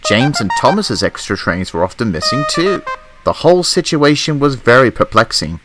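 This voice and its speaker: A man reading a children's storybook narration in a gentle, expressive manner. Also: mid-range voice, normal speed, soft background music, low-quality recording.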